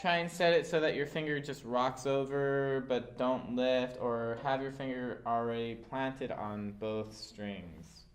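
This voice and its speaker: A man's voice: medium pitch, unhurried, hardly any pauses, music in the background. Patient male violin teacher. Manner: calm, patient, with many fillers. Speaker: orchestra teacher. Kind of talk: instructional walkthrough.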